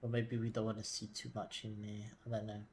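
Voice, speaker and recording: A man streaming from his desk, mumbling quietly and thinking aloud with lots of fillers, sometimes leaning back from his mic. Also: lowish voice, monotone, brisk, a little hiss or hum. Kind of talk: casual live-stream commentary while working. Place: home desk.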